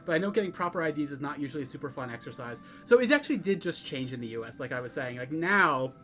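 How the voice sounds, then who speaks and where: A man's voice: on the high side, expressive, fast talker, pushed and bright, soft background music. Teasing, rambling male game streamer. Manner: rambling, many "like" fillers, teasing. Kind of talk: casual co-op let's-play chat.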